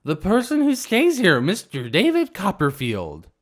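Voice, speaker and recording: In a story reading, a man performs a full character voice as a drunk, rude young woman at a party. His pitch swoops wildly while his pace stays measured, and the delivery is whiny and slurred with shrill outbursts.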